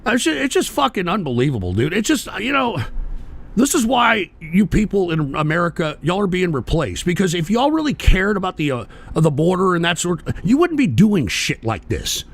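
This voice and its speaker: A man hosting a political talk radio show, ranting angrily and profanely at the listeners, sometimes shouting. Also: high-pitched, big pitch swings, moderate pace. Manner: mocking voices of people he derides.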